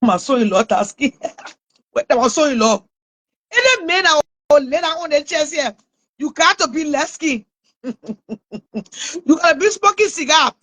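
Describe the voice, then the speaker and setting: Liberian woman, high voice, mocking vlog rant with scornful laughs. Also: animated, normal speed, a bit bright. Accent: Liberian English. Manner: mocking, scolding, with frequent laughs. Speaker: online commentator. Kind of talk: taunting live rant.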